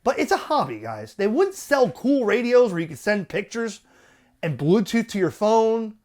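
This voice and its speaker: A man hosting a ham radio channel, ranting with exasperation and the odd curse. His pitch swings widely as he gets worked up. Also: normal speed. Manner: animated, profane, exasperated. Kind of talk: ranting commentary.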